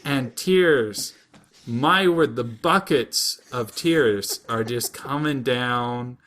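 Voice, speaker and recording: A podcast co-host with a mid-range, fairly bright voice speaks very slowly in a casual comedic recap of a show. He rambles, cracks jokes and slips into silly put-on voices.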